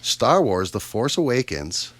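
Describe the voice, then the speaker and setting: A Canadian man hosts a casual radio chat from a studio. He talks in an upbeat, chatty way, full of fillers and quick asides, at an ordinary middle pitch. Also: very animated, fairly bright tone. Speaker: radio host.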